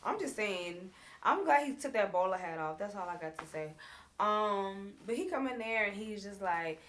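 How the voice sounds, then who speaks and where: A woman's voice: medium pitch, lively intonation, moderate pace, fairly bright tone, a little hiss or hum. A woman hosting a casual recap show, chatty and slangy, acting out what the cast said. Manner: chatty, slangy, retells scenes by acting out the cast's lines.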